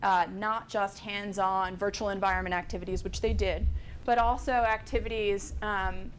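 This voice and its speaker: A woman presenting at a conference workshop, speaking in a measured way with frequent hesitations. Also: medium pitch, steady tone, slight background noise. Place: conference room.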